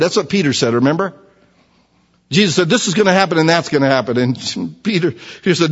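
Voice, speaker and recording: High-voiced preacher in a reverberant hall. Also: male voice, brisk, husky. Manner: animated, acts out dialogue in character voices. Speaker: pastor. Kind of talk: sermon. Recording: dull sound in a reverberant hall.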